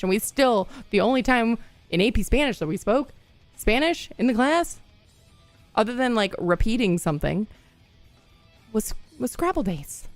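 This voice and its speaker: A woman's voice: on the high side, lively intonation, normal speed, dry recording, soft background music. A young woman from the Midwest chatting casually with her stream viewers, rambling through stories, laughing often and greeting people as they come in. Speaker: livestream gamer.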